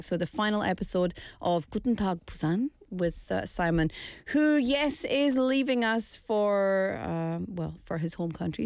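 A woman's voice: mid-range voice, clean tone, no room sound, studio quality. Chatty woman hosting a show. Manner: chatty, with friendly asides to listeners. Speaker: radio show host. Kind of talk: casual broadcast chat.

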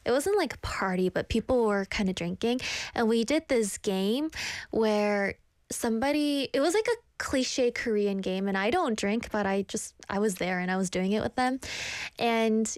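A woman's voice: a little high, moderate pace, dry recording, studio quality. Chatty young woman reading chat aloud. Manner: chatty, self-deprecating, reads comments aloud; animated quoted voices in stories. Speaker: streamer host reading chat. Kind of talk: casual chat with viewers.

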